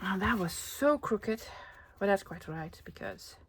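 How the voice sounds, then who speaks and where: In a casual crafting vlog, a young woman chats playfully to her audience, calling them "love" and now and then lowering her voice to a whisper. Her voice is medium-pitched, a bit bright and lively in intonation, her pace unhurried, and there's a little hiss or hum.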